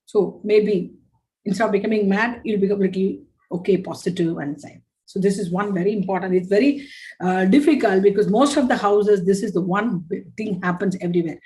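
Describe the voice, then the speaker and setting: A woman's voice: medium pitch, rough recording. A woman giving a parenting workshop, emphatic and repetitive, often acting out scolding parents. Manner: animated, acts out scolding parents in quick asides.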